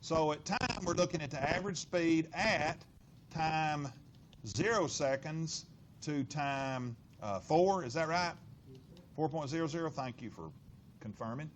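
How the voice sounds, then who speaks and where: Middle-aged male physics teacher, lively and questioning, slightly high voice. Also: measured pace, slight background noise. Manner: animated, lots of rhetorical questions and inflection. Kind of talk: classroom lecture working problems. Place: classroom.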